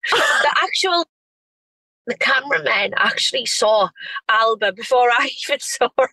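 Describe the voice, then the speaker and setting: A woman's voice: high-pitched, pushed and bright, dry recording, rough recording. A woman, talking in a gushing, effusive way full of restarts. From North East England. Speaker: reality TV star guest. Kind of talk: casual chat.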